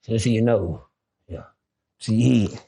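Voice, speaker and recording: A middle-aged man telling stories in a casual interview. He is animated and keeps switching into the voices of people from his stories. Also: on the low side, moderate pace, gravelly, breathy edge. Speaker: guest.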